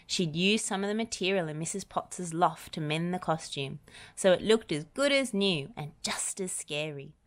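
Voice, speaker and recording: A woman narrating a children's story aloud in an expressive, animated way. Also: on the low side.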